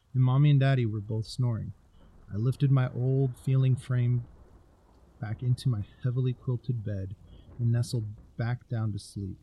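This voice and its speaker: A man narrating a scary story in a deliberate, storytelling manner. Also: medium pitch, dark tone, slight background noise, poor audio.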